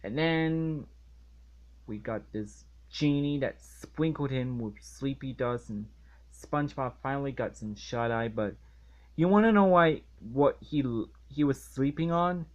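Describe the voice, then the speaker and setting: A man giving a ranting episode review in an exasperated, halting way, often restarting his phrases. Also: mid-range voice, highs cut off. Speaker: online reviewer.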